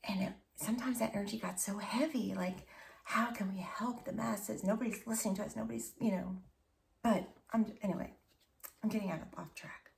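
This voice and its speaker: Woman, tarot reader, gravelly fry, emotional, slips into whispers, a little far from the mic. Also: medium pitch. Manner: intimate and emotional, often dropping to a whisper; calls listeners honey and baby. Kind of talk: channeled tarot reading to camera.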